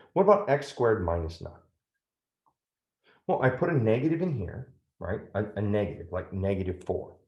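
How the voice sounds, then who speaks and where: Low-voiced man teaching math, echoey room. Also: a little mellow, dull audio. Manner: step-by-step, checks in with "right?". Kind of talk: classroom math lesson.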